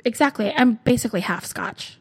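A woman co-hosting a podcast in casual chat, chatty and quick to laugh, sometimes acting out little voices. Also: a little high, slightly rough. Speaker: podcast co-host.

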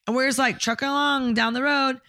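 A woman's voice: high voice, steady tone, a little fast, pushed and bright, no room sound, studio quality. A young woman telling a personal story in casual conversation, candid and blunt, swearing often.

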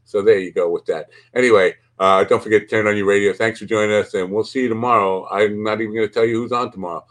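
A man's voice: fairly low pitch, steady tone, fast talker. A man hosting a podcast, chatting casually in a rambling, crude, joking way. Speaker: podcast host. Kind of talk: casual chat.

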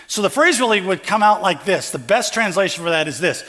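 A man's voice: high voice, expressive, brisk, hardly any pauses, fairly bright tone. A pastor preaching a conversational sermon, acting out the parable's characters as he goes. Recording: long hall reverb.

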